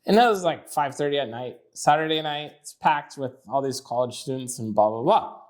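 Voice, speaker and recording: A man's voice: medium pitch, fairly quick. A man co-hosting a podcast, telling dating stories in casual chat. He swears and laughs through his own stories. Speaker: podcast co-host.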